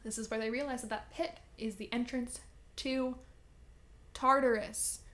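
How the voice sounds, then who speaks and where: A woman's voice: on the high side, fairly even intonation, unhurried, fairly bright tone. A woman vlogger casually recapping a story, chatty and full of "like" fillers. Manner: chatty, filler-heavy with frequent "like".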